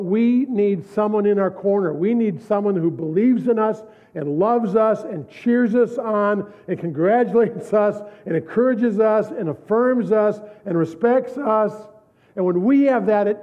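A middle-aged man preaching a sermon, telling stories from his own life with repeated, emphatic phrases and frequent laughs. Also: sits high. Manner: storytelling, repetitive emphatic phrasing, laughs often. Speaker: pastor. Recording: tinny phone-like recording.

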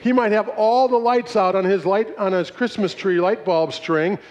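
A middle-aged man giving a folksy, animated sermon-style talk, telling stories and laughing often. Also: high-pitched, moderate pace. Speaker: speaker on marriage. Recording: dull lo-fi recording.

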